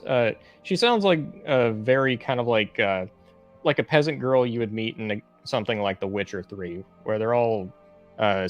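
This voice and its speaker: A man co-reviewing comics in casual chat, speaking in a measured, thoughtful, analytical way. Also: mid-range voice.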